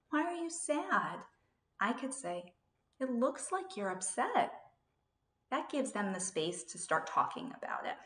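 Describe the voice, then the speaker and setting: A woman in her thirties explains a parenting technique in a calm, steady instructional talk, now and then acting out what a parent might say. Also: mid-range voice, echoey room. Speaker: parenting educator.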